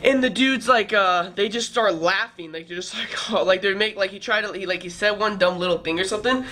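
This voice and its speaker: High-voiced young man ranting. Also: a little fast, bright, forceful tone, a little hiss or hum. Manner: rambling, profane, filler-heavy retelling. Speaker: vlogger. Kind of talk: casual storytelling. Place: California trip, downtown L A.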